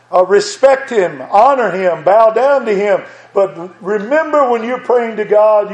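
An older male preacher delivers an earnest sermon with a fairly high voice. He repeats his words as he presses a point and reads scripture aloud. The sound rings in an echoey church. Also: darkish tone.

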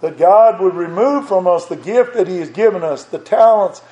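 An older male preacher delivers an earnest sermon with a fairly high voice. He repeats his words as he presses a point and reads scripture aloud. The sound rings in an echoey church. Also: animated, normal speed, warm tone.

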